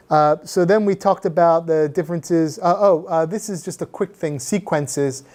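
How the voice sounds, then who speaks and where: A man's voice: on the high side, brisk, darkish tone. A man reviewing English grammar for a class, patiently explaining rules with many fillers and switching into Korean. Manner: frequent filler sounds. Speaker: English teacher.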